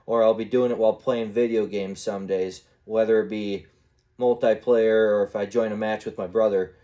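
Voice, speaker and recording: Low-voiced man rambling on his podcast. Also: fairly even intonation, normal speed, dark tone, lo-fi sound. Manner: rambling storyteller who acts out little voices and sound effects. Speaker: podcast host. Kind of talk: casual solo podcast monologue.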